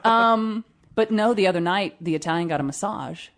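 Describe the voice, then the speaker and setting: A woman co-hosting a raunchy podcast, swearing freely and telling animated stories with acted-out quotes. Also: mid-range voice, moderate pace. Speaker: podcast co-host. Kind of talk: raunchy casual chat. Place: studio.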